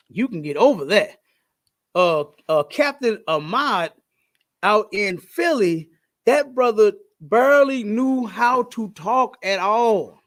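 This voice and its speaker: Emphatic high-voiced man preaching on a podcast. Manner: preachy, emphatic, repeats phrases for effect. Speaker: podcast host. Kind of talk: casual chat.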